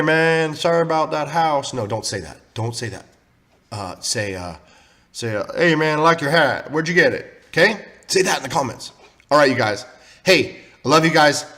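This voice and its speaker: Excitable male vlogger, casual and slangy, rambles to camera. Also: mid-range voice. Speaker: crypto vlogger.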